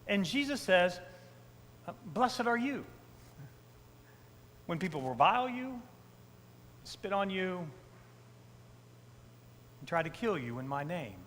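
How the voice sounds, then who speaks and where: Male pastor, high lively voice, slow emphatic preaching, church sanctuary with a long echo. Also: a little hiss or hum. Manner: conversational, frequent "right?" asides to the congregation; emphatic repetitions. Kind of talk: sermon.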